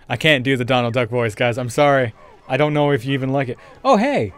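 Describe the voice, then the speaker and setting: A man's voice: mid-range voice, lively intonation, quick pace, no room sound. Swearing, exasperated gamer guy. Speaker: let's play gamer. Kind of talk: casual gameplay commentary.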